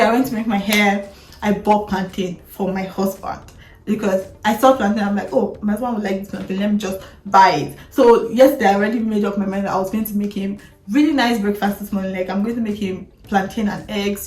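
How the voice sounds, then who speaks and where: A woman in her thirties with a Nigerian accent, chatting candidly to camera as a vlogger, talking with frequent laughs and restarts. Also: medium pitch. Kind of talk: candid personal chat to camera. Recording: echoey room.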